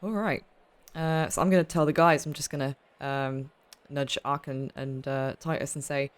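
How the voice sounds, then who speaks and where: A woman's voice: a bass voice, fairly even intonation, moderate pace, clear, resonant tone. A woman playing a tabletop game, chatty and eager, with frequent hesitations. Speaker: player. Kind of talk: casual tabletop play.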